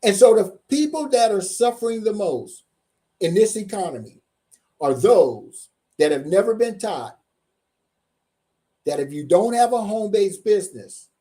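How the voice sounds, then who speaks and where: A man giving a motivational seminar presentation as a tax coach, emphatic, repeating key points slowly and firing questions at his audience. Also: high-pitched, sing-song, warm tone.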